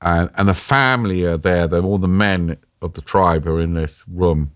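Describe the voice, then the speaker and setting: A British man with a deep, low voice tells a personal story in halting, emotional bursts, full of restarts and sometimes choked up. The sound is dry and close, with no room around it. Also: clear, resonant tone, dry recording. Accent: British English. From Britain. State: choked up at times. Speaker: interview guest.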